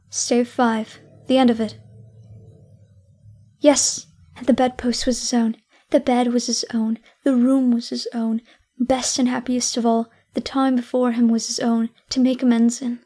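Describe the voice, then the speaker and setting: High-voiced woman narrating a classic story. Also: a little mellow. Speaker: audiobook narrator.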